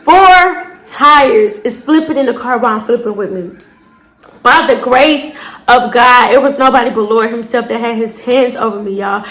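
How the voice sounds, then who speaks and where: A young woman, telling a dramatic storytime to her viewers with shouted bursts and cursing. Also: on the high side, moderate pace. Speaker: storytime vlogger. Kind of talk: casual storytelling to camera.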